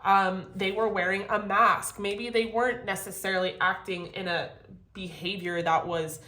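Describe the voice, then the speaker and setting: A woman giving a casual tarot reading to camera, animated and profane, laughing often. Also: mid-range voice, moderate pace, echoey room. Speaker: tarot reader.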